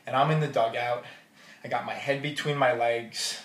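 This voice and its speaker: A man's voice: medium pitch, steady tone, moderate pace. A man giving a wedding toast, telling jokey stories about the groom. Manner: storytelling, jokey and warm toward the groom. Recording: roomy hall audio from a distance.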